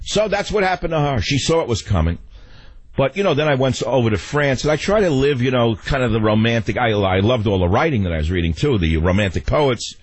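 Ranting older New York radio host. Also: male voice, mid-range voice, lively intonation, a little fast, husky. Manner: rambling, opinionated, swings from ranting to wistful. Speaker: radio talk show host. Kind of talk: talk radio monologue and call-in.

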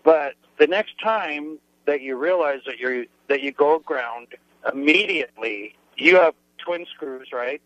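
A man's voice: fairly high pitch, a little slow, fairly bright tone, no room sound. A man calling in to a radio talk show, explaining step by step and checking in with the host, heard on a dull lo-fi line. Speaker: caller. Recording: dull lo-fi phone-in sound.

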